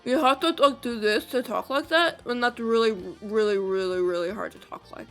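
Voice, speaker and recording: A woman's voice: fairly high pitch, normal speed, a bit bright, faint music behind. A woman streamer giving casual, rambling and profane commentary while playing a game. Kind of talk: casual let's-play commentary.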